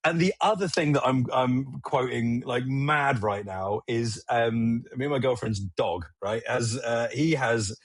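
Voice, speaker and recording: A man co-hosting a podcast, chatting casually and telling lively, sweary stories that act out movie quotes. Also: mid-range voice, a little slow, few pauses, husky, dry recording. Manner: animated, swearing storyteller who acts out movie quotes. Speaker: podcast co-host. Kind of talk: casual chat.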